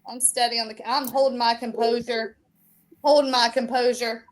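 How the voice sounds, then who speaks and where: A woman in casual chat, telling an animated story full of fillers. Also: on the high side, moderate pace. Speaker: show regular and storyteller.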